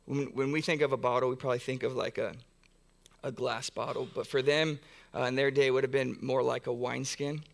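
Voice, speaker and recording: A man's voice: medium pitch, steady tone, brisk, gravelly. Earnest man preaching a sermon. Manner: earnest, repetitive build-ups with frequent restarts. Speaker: pastor. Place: church sanctuary.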